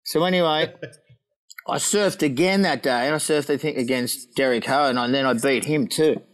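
A middle-aged man with an ordinary-pitched voice recounts a boozy surfing tale. He laughs often and slips into quoted voices as he goes, in a loose, casual storytelling way. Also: moderate pace, rough recording. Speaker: guest, former pro surfer. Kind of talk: casual anecdote telling.

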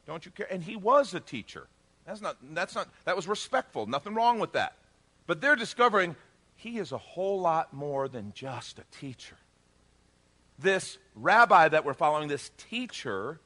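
Guy pastor preaching, pretty high voice that swings all over, bright tone, acts out the dialogue. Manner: animated storytelling with acted-out dialogue and jokes. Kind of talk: sermon.

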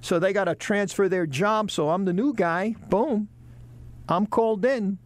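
A man telling lively stories about his broadcasting career in a casual interview, acting out the people he quotes. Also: high-pitched, unhurried, no echo. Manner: animated storyteller, acts out quoted bosses. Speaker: broadcaster guest.

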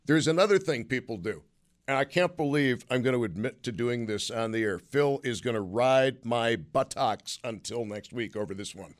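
A man hosting a call-in radio show, talking. His voice is hoarse and catches on hiccups. He rambles in a chatty, self-mocking way at a middling pitch. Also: normal speed. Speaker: radio talk show host.

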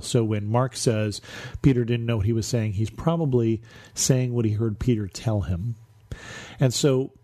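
A man hosting a Bible study podcast, explaining scripture in a reflective way and slowing down for emphasis. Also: medium pitch, mellow, no room sound. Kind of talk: Bible teaching.

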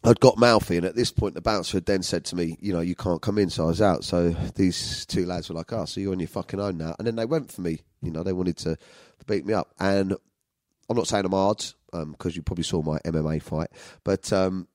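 A man with a London accent rambles through crude stories, swearing freely. His voice sits very low, and the room is dead dry with no echo. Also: fairly quick, darkish tone. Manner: rambling and profane, laughing at his own stories. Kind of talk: casual storytelling monologue.

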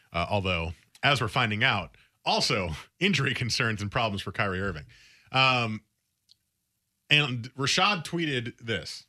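Radio guy, bright voice, fired up and opinionated about sports. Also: on the low side. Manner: animated, opinionated, emphatic. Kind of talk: casual sports radio talk.

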